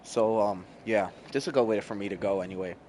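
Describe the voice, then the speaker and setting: A man's voice: on the low side, steady tone, quick pace, darkish tone, slight background noise. A man in his thirties chatting casually with viewers on a gaming livestream, rambling, laid-back and swearing freely while he eats. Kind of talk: casual stream chat with viewers.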